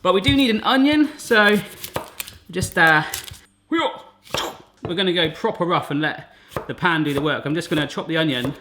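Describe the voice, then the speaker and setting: A chatty, jokey man talks through a home-kitchen recipe, wandering off into asides. His voice sits a little high for a man. A faint hiss runs under the recording. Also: moderate pace, long pauses, bright, forceful tone. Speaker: cooking channel host. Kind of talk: casual cooking demonstration.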